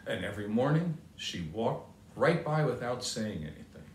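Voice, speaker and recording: A man's voice: medium pitch, expressive, normal speed, slight background noise. An older man giving a motivational talk with a personal story, earnest and conversational, repeating his key points. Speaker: motivational speaker. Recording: roomy sound from a distance.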